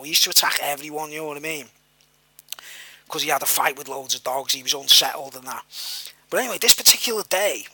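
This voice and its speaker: A man's voice: on the high side, pushed and bright, dry recording. A man telling a personal story in a rambling, repetitive way, full of fillers and the odd swear word. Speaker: vlogger.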